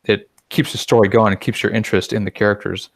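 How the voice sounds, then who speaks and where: A man with a lowish voice talks loosely on a podcast, recorded dry and close with little room sound. He drifts through his thoughts and slips into little voices when he quotes someone. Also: steady tone, fast, creaky, dry recording. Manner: chatty, acts out quoted remarks. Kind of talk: casual podcast chat.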